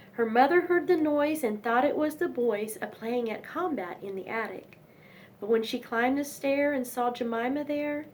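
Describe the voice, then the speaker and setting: A woman's voice: on the high side, slight background noise. A young woman reading nursery rhymes aloud in a sing-song manner, with chatty asides between poems.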